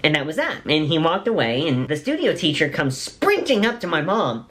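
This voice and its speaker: A man's voice: fairly high pitch, very animated, moderate pace, a bit bright. A young man, an actor, casually and enthusiastically telling behind-the-scenes stories while showing photos. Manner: enthusiastic, chatty, repeats words. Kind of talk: casual vlog storytelling.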